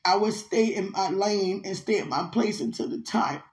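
At medium pitch and a moderate pace, a young woman offers her partner an emotional monologue with a spiritual bent. Her sincerity often spills into tears, and she swings from loud outcries to soft asides.

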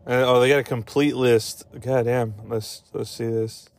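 A man's voice: mid-range voice, steady tone, a little slow. Profane rambling male podcaster. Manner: rambling, profane, laughs often. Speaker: podcast host. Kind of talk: casual podcast chat.

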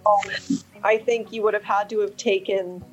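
A woman's voice: medium pitch, flat delivery, moderate pace, lo-fi sound, faint music behind. A woman player in a tabletop game, talking through her character's actions in a hesitant, thoughtful way. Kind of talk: tabletop role-play narration.

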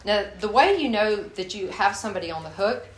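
A woman giving a sermon and telling personal stories in a lively way, acting out her own anger. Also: medium pitch, a little fast, slight background noise. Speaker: guest speaker. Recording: echoey room.

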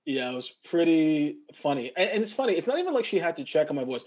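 A husky-voiced man from Montreal talks casually as a guest in an interview. His pitch sits a little high, and he tells his stories with animation, often slipping into imitations of other people. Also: very animated, quick pace, darkish tone. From Montreal, Canada. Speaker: actor, guest.

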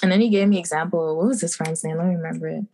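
Bahamian-raised woman telling lively stories. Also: lowish voice, racing. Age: young adult. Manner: animated storytelling, acting out quotes, laughing often. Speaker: guest. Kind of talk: casual interview chat.

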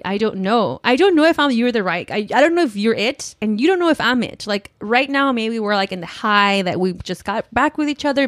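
A woman's voice: mid-range voice, dry recording, studio quality. A young woman telling a personal story on a podcast in a rambling way, filling her talk with "like" and getting emotional. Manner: rambling, heavy use of "like", emotional.

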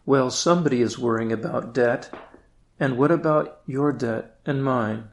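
A man's voice: mid-range voice, a little slow, vocal fry. A male priest giving a reflective prayer meditation, at times speaking directly to Jesus.

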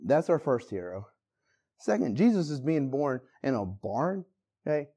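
A man's voice: medium pitch, a little slow, slightly rough. A man preaching a casual, conversational Christmas sermon, acting out the people in the story with bursts of energy. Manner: animated, conversational, acts out quotes with bursts of energy. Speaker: pastor.

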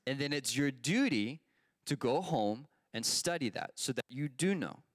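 A man's voice: mid-range voice, lively intonation, normal speed, dry recording, studio quality. Chatty man teaching a Bible lesson. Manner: conversational, asks the group questions, many fillers. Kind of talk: casual Bible lesson with personal story.

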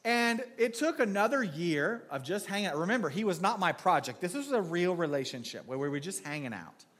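A man's voice: on the high side, a bit bright. A man preaching a sermon in a church in a casual, joking storyteller's way, restarting his sentences often.

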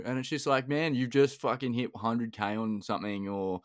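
A man's voice: medium pitch, fairly even intonation, moderate pace, dry recording, clean studio sound. A man hosting a podcast, laid-back and teasing, swearing casually. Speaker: podcast host.

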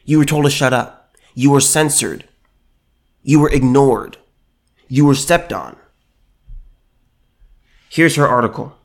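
A man's voice: medium pitch, slow, long pauses. Male commentator with a mid-range voice: fired-up, sarcastic delivery, repeating himself for emphasis. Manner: indignant, sarcastic, repetitive stammering. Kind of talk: opinion commentary.

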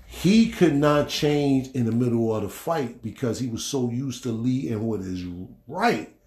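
Middle-aged guy telling a story on his podcast, blunt n animated, swears a lot, average pitch, echoey room. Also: measured pace. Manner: animated, acts out quotes. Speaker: podcast host. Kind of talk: casual storytelling monologue.

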